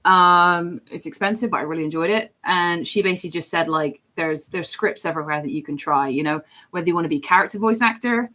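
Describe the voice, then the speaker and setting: A woman with a slightly low voice chats through a casual stream. She rambles from one thought to the next and keeps slipping into quick put-on voices. She sounds like a working voice actor talking shop. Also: sharp tone. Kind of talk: casual chat while drawing on stream.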